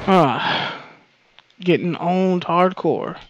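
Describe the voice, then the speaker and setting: A woman doing let's play commentary, trash-talking enemies with profanity and loud whoops. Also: lowish voice, extremely slow, lo-fi sound, a little hiss or hum. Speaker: gamer playing on stream. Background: game music and gunfire.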